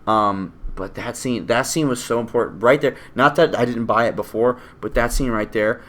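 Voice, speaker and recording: A man co-hosting a casual movie review chat, animated, laughing often and acting out quoted lines. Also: mid-range voice, moderate pace. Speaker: podcast co-host.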